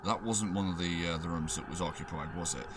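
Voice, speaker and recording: Brief: deep-voiced male player, casual and inquisitive, faint noise. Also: quick pace. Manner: questioning, casual. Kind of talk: playing a tabletop game.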